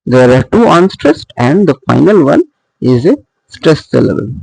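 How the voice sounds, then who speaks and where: A man teaching poetic meter in a recorded lecture, explaining slowly with pauses and fillers as he works through examples. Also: mid-range voice, animated, creaky, darkish tone, breathy edge, no echo, low-quality recording. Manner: slow, halting explanation with frequent fillers and restarts. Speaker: literature teacher.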